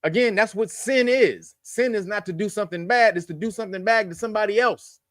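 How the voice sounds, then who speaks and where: A man's voice: sits high, fairly quick, a bit bright, dry recording, studio quality. A man hosting a news commentary show, blunt and profane, lecturing his viewers. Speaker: host.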